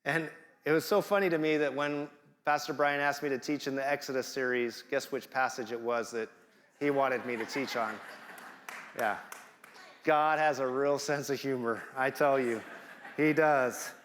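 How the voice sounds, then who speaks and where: A man's voice: mid-range voice, steady tone, moderate pace, a bit bright, in a large hall. A man preaching a sermon in a conversational, playful way, acting out the voices he quotes. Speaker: guest preacher. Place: church sanctuary.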